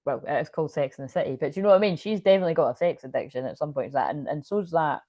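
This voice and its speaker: A woman's voice: sits low, racing, warm tone, dry recording. A woman giving a casual channeled tarot reading, rambling with lots of fillers and swearing freely. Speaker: tarot reader.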